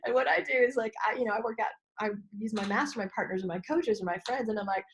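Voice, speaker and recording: Animated woman coach, higher voice. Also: quick pace, slight background noise. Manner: expressive, acts out inner voices with sudden high exclamations. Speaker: business coach, guest. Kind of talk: animated interview talk.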